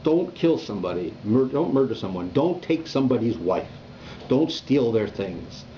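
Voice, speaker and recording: A rabbi teaching a Torah class in a conversational, animated way, often checking in with "right?". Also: male voice, mid-range voice, moderate pace. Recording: dull lo-fi recording with faint room noise.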